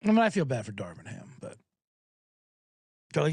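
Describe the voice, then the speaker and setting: A man hosting a sports betting podcast, talking casually in an animated, profane, rambling way. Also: fairly high pitch, moderate pace, creaky, breathy edge, no echo, studio quality.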